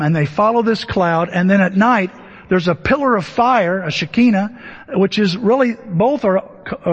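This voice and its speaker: High, husky male preacher in a reverberant hall. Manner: animated storytelling, acting out voices and asking the audience questions. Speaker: pastor. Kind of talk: sermon. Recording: dull, lo-fi audio with long hall reverb. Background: laughter from the congregation.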